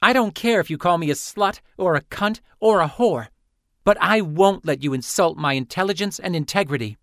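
A man's voice: medium pitch, lively intonation, unhurried, fairly bright tone, clear, resonant tone, no echo, studio quality, pitched above the performer's own voice. A man voicing a condescending, cutting young female student in an audiobook.

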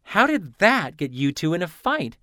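A man's voice: high-pitched, very animated, slow, dry recording, clean studio sound, voice pushed up, full character voice. A man voicing a patient, concerned young female friend in an audiobook.

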